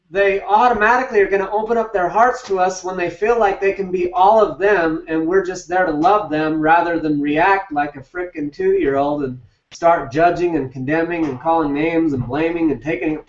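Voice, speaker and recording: On a group video call, a male relationship coach gives a blunt, emphatic live talk peppered with casual swearing. His slightly high voice moves at normal speed in an echoey room, and the lo-fi call audio sounds distant and dull.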